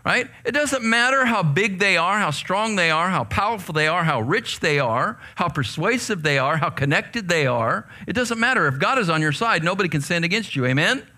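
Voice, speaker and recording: A man preaching a sermon to a youth group, leading call-and-response and swinging from hushed asides to fired-up outbursts. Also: high voice, expressive, normal speed, hardly any pauses. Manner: leads call-and-response with the audience.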